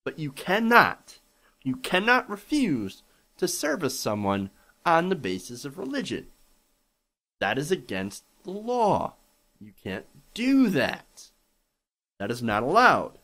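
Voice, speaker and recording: Indignant, lively-voiced male commentator. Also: a little high, slow pace. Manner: indignant, sarcastic, profane. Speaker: political commentator. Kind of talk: opinionated commentary monologue.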